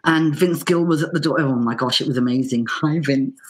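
A middle-aged Irish woman, a banjo player, telling a casual anecdote in a lively way, acting out the voices she quotes. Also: extremely low pitch, brisk. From Ireland. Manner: lively, acts out quoted voices with lots of fillers. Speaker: banjo player and teacher guest.

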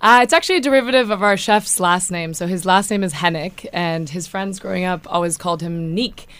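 A woman's voice: fairly low pitch, brisk, fairly bright tone, smooth. A woman, a restaurant guest on a radio show, politely describing her food. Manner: polite, friendly, explanatory. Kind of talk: radio interview.

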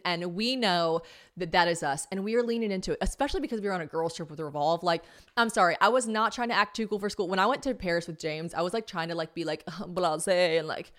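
A young American woman hosting a podcast, telling a story in a chatty, animated way with casual swearing. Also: on the low side, fairly quick. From United States. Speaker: podcast host. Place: home podcast room.

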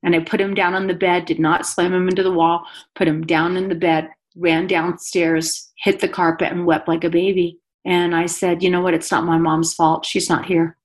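Earnest lower-voiced woman telling her story. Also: little pitch movement, moderate pace. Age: adult mother. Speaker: guest. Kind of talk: personal testimony in conversation.

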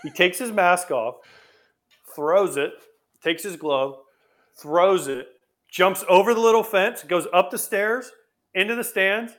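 Animated man telling a baseball story. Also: high-pitched, slow pace, pauses often. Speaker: former pro baseball player, co-host. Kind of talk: casual podcast storytelling.

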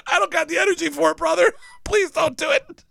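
A worn-out grown man begs to be left alone in a high, strained, pleading voice, as a man puts him on. The delivery is soft and tired, sitting far above the performer's usual pitch. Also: fairly quick, vocal fry, no room sound, studio quality, exaggerated voice.

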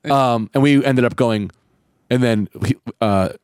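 A man's voice: mid-range voice, measured pace, clear, resonant tone, dry recording, clean studio sound. A man hosting a podcast in casual chat, telling stories and acting out quotes. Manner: animated storyteller, acts out quotes. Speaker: podcast host. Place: room above a comedy club.

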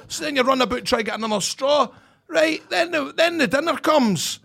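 A Scottish man rants through a pub-style story on a podcast, swearing freely. His voice is very high and bright. He drives the tale with exasperated energy. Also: lively intonation, fast talker, creaky. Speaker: podcast co-host. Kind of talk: casual storytelling chat.

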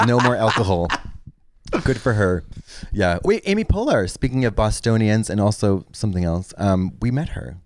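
A man co-hosting a podcast, quippy and quick with jokes in a casual chat. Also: lowish voice, very animated, dry recording, clean studio sound. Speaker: podcast co-host.

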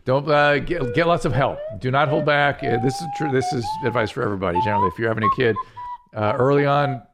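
A male podcast host who is a doctor, chatting calmly with dry, gentle teasing. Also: medium pitch, fast talker, heavy background noise. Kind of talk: casual podcast chat.

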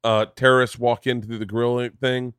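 A man hosting a podcast, telling stories in a casual, animated way, swearing freely and breaking into impressions. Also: normal speed, clean tone, dry recording, studio quality. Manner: animated storyteller, swears freely, jumps into high-pitched impressions. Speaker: podcast host. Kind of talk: casual chat.

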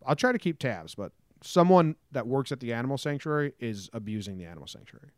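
A man co-hosts a podcast in a casual, joking way. He tells stories with a lot of energy, swears and acts out other people's lines. His voice sits in an ordinary middle pitch and sounds dry and close. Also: fast, no echo. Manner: animated storytelling, swears, acts out quotes. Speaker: podcast co-host. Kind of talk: casual comedic chat.

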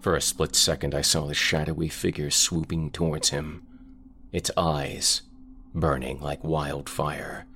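A man narrating a scripted horror story in a measured, ominous way. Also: extremely low pitch, flat delivery, bright, forceful tone, a little hiss or hum.

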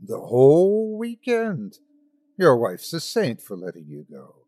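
A man's voice: mid-range voice, huge pitch swings, slow pace, dark tone, no room sound, exaggerated voice. A man voicing a polite, eerie businessman hitchhiker who speaks with a faintly British-sounding lilt and asks probing questions.

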